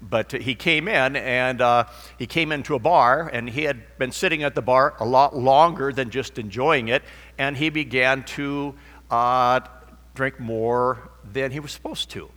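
A man's voice: medium pitch, measured pace, fairly bright tone. A man preaching a sermon in a rambling, anecdotal way with many restarts. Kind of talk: sermon with a told joke. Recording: long hall reverb.

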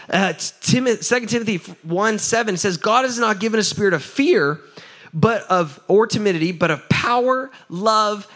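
A man preaches to a crowd with a fairly high voice. He keeps it lively and casual, throws questions out to the listeners, and laughs between points. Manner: energetic, asks the crowd for answers; laughs often, repeats "right?". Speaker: pastor. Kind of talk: sermon.

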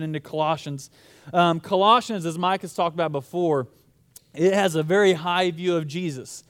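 A man's voice: a little high, clean tone. A young man preaching a sermon in a casual, storytelling way. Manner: casual, storytelling, conversational with fillers. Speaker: pastor.

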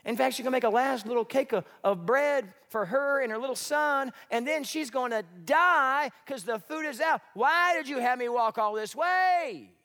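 A man's voice: very high-pitched, moderate pace, hardly any pauses, pushed and bright, big-room sound, voice pushed up, full character voice. A man voicing a weary male prophet who gripes and complains in a comic, exasperated way.

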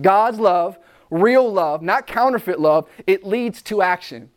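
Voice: mid-range voice, lively intonation, a little slow. A youth preacher giving an impassioned sermon straight to students, repeating key phrases and asking questions. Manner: talks directly to the listeners, with questions.

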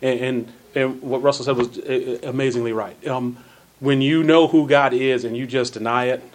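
A man teaching a church Bible class, earnest, repeating phrases for emphasis and reading scripture slowly with stressed words. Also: mid-range voice, fairly even intonation, slight background noise.

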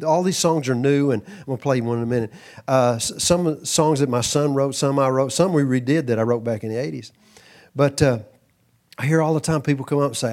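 A middle-aged Texas preacher with a voice on the higher side gives an animated, spirited sermon. He regularly slips into asides and dramatizes the voices of those he quotes.

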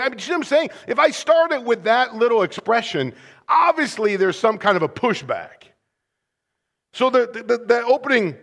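Animated, high-voiced male preacher. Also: moderate pace. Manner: animated, conversational preaching with rhetorical questions. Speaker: pastor. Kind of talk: sermon.

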